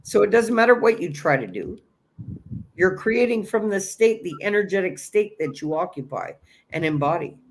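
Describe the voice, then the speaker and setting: A man's voice: high-pitched, expressive, moderate pace, slight background noise. A man hosting a spiritual livestream, giving an earnest, encouraging self-help talk that keeps circling back to the same key phrases.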